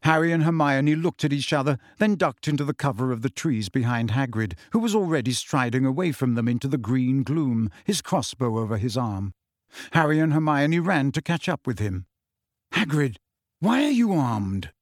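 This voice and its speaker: A man reading a novel aloud in steady, scripted audiobook narration. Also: medium pitch, moderate pace, no room sound. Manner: steady storytelling. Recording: dry close studio sound.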